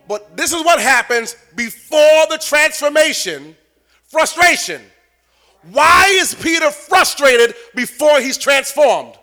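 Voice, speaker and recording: A man preaching a sermon, repeating phrases and building to shouted points. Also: extremely high pitch. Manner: animated, repetitive, building to shouts.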